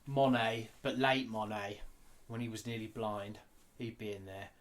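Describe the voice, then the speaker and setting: A man talking candidly in an interview, blunt and animated, swearing freely. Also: fairly low pitch, measured pace. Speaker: guest artist.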